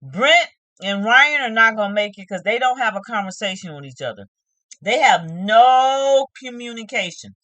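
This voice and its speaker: Lively woman vlogger ranting about a reality show, dry close sound, talks straight at the camera. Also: on the high side, moderate pace, no room sound. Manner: animated, opinionated, talks straight to viewers. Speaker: host of a TV review channel. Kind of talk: casual reality-TV recap vlog.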